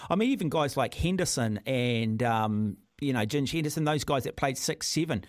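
A man's voice: medium pitch, animated, moderate pace, dry recording, studio quality. A man with a New Zealand accent hosting talkback radio, blunt and combative, often calling his caller mate. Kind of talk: opinionated talk radio. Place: radio studio.

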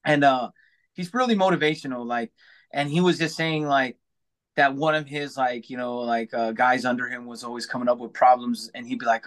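A man's voice: mid-range voice, fairly even intonation, moderate pace, fairly bright tone. A man chatting casually as a podcast guest, upbeat and rambling, full of "like" fillers. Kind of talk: casual chat.

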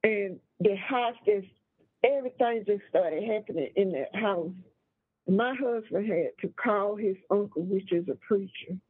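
Husky-voiced woman caller on a tinny phone line. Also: mid-range voice, dry recording. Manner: slow, deliberate storytelling with drawn-out emphasis. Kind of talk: telling a personal ghost story. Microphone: phone call.

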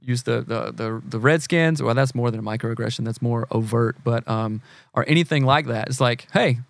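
A man's voice: mid-range voice, moderate pace, creaky, no echo. Earnest southern man explaining things. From American South. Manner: earnest, explains with examples, many fillers and restarts. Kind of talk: casual conversation.

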